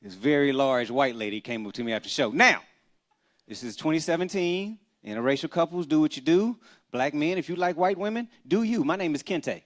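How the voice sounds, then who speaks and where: Black comedian on stage, super animated, doing voices, pitch all over. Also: male voice, a little fast. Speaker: stand-up comedian. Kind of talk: stand-up comedy set.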